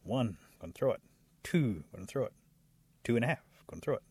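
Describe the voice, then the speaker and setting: A man's voice: mid-range voice, lively intonation, a little fast, a little mellow, breathy edge, no echo. A man voicing a boastful, tricky male rabbit in a folktale. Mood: threatening. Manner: blustering, pleading, mocking.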